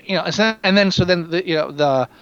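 A man chatting casually about a film, sarcastic, animated and quick to swear. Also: sits high, clean tone, highs cut off. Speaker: podcast co-host reviewing a film. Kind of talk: casual profane movie chat.

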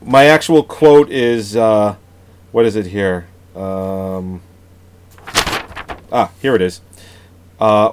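A man's voice: mid-range voice, sing-song, slow, pauses often, slight background noise. A man co-hosting a casual movie-review podcast who laughs often, swears freely and reads from his notes. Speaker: podcast co-host.

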